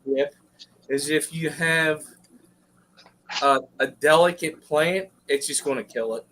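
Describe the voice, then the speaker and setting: A joking man tells folksy stories in a casual group chat. His voice sits a little high for a man. The line is noisy and clicks now and then. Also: slow pace, fairly bright tone. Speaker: show host.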